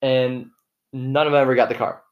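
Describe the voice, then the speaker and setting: A man's voice: medium pitch, little pitch movement, moderate pace, highs cut off. A man co-hosting a casual podcast, rambling and often correcting himself mid-sentence. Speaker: podcast co-host. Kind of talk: casual chat.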